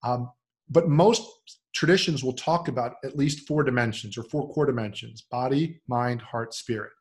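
A middle-aged man speaking as a podcast guest in a relaxed, reflective conversation, voice lifting into lively impressions when he quotes other people. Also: medium pitch, normal speed. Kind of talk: casual conversational interview.

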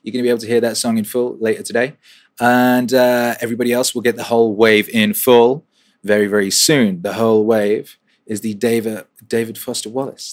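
A man's voice: fairly low pitch, flat delivery, fairly quick. A man hosting a weekly question-and-answer livestream, chatting casually, swearing and repeating phrases for rhythm. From England.

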